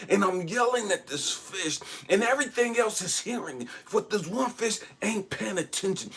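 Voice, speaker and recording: Very husky man telling a dream. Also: sits high. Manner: animated, dramatic retelling with sudden loud and hushed stretches; conversational, often asks "you know what I mean". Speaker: channel host. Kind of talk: personal dream storytelling.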